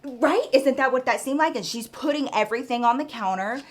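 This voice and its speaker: A woman's voice: high voice, a little fast. A woman vlogger telling a story in a frank, chatty way, talking straight to the listener. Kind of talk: casual storytime chat.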